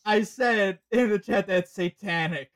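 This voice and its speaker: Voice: mid-range voice, a little slow, noisy background. A podcast host in casual chat, telling long rambling stories with many restarts.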